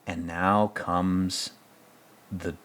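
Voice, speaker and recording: A man's voice: low voice, level tone, very slow, a bit bright. A man hosting a casual film commentary, rambling, profane and sarcastic as he picks apart a movie. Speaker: podcast host reviewing a film.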